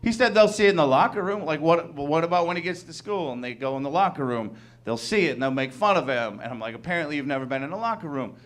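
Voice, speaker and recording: A man in his thirties performing a stand-up comedy set, talking conversationally and acting out quick incredulous bits of dialogue. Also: on the high side, animated, a bit bright. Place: comedy club stage.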